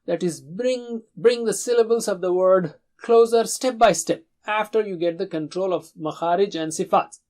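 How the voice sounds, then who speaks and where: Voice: mid-range voice, a little mellow. A Quran recitation teacher leading a pronunciation drill, modelling syllables and words for students to repeat and correcting common mistakes patiently. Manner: models syllables slowly for repetition.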